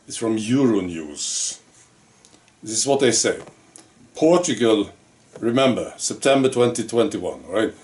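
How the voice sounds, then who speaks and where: A man with a lowish voice talks slowly through a casual video commentary. He muses and wanders, leaning on pauses and fillers as he goes. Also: lively intonation, a little mellow, far from the mic. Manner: slow, musing, with pauses and fillers.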